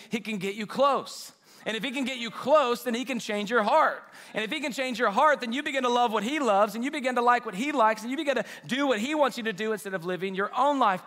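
Animated young man preaching in a hall. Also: sits high. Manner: animated, self-mocking storytelling with quoted dialogue. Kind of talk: storytelling sermon. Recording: live reverberant hall.

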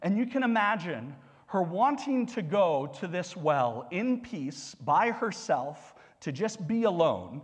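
A male pastor giving a sermon in a conversational, animated style with humorous asides. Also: high-pitched, slow pace, slightly rough, long reverb tail.

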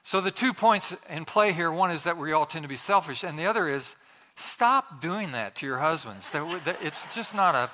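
A man's voice: a little high, brisk, hardly any pauses, bright, forceful tone. A man preaching a humorous, conversational sermon to a congregation, acting out little quotes as he tells his stories. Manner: jokey, conversational storytelling with acted-out quotes. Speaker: pastor. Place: church with congregation.

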